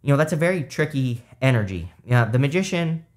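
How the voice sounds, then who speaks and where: A man's voice: mid-range voice, a little fast. Man, tarot reader, casual unscripted chat, mid-range voice, rambling delivery. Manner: relaxed, rambling, many fillers and restarts.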